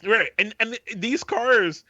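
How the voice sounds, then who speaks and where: Man, podcast co-host, rambling casual talk, bright tense voice, muffled lo-fi dry recording. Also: sits high, a little slow, no echo. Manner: rambling, filler-heavy, swears freely. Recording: dull lo-fi mic.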